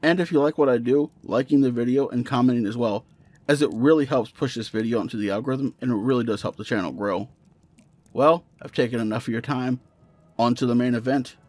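Un hombre, presentador de un canal de terror, que lee en voz alta una historia de miedo con narración pausada y constante. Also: male voice, mid-range voice, dry recording. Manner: steady storytelling narration. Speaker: horror story narrator and channel host. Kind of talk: reading a creepypasta aloud.

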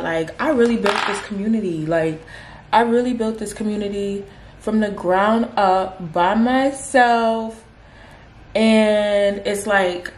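A woman in her twenties chatting casually in a vlog while she gets ready at home, with animated, slangy, dramatic storytelling. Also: medium pitch, slight background noise. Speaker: vlogger. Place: at home doing makeup. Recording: roomy echo.

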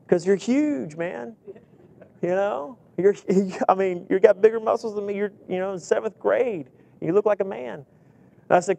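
Guy preaching, high voice, dry sound, acts out kids and coach in his stories. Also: moderate pace, vocal fry, dry recording. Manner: animated storytelling preacher, acts out dialogue. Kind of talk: sermon.

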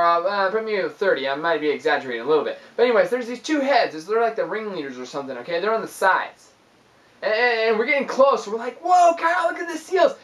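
Young man, animated vlog storyteller, excitable and exaggerated, voice slightly off-mic. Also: high voice, far from the mic, low-quality recording. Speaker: youth ministry vlogger.

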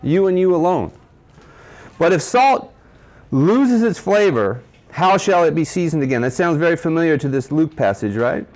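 A man delivers a sermon to a men's breakfast gathering in a cafe. His voice sits a little high and rises and falls with lively energy. He keeps asking his listeners questions and quoting scripture. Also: moderate pace, faint music behind. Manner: preaching with rhetorical questions and scripture quotes. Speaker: speaker at a men's ministry breakfast.

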